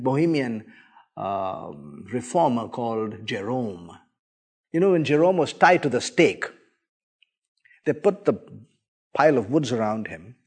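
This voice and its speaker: A man preacher giving a sermon, telling the story dramatically with big swings from soft to loud. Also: on the high side, slightly rough.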